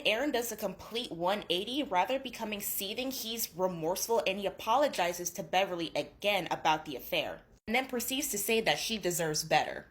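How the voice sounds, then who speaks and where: With a fairly bright tone, a young woman in her twenties who runs a book channel recaps a story like she's gossiping with a friend, cursing freely. Her pitch leaps around as she reacts.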